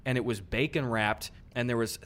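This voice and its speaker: A man's voice: medium pitch, moderate pace, a bit bright. A young man co-hosting a podcast, chatting in a laid-back, rambling way with plenty of swearing. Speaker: podcast co-host. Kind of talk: casual chat.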